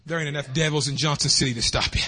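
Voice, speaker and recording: Fervent high-voiced preacher man. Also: racing. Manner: fervent, swings between shouting and hushed tones. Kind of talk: revival sermon. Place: church sanctuary.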